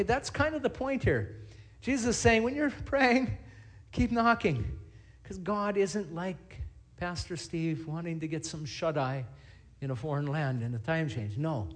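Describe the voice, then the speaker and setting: A middle-aged man, a pastor, preaching a sermon and telling stories in a lively, animated way. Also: a little high. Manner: storytelling, animated, acts out scenes.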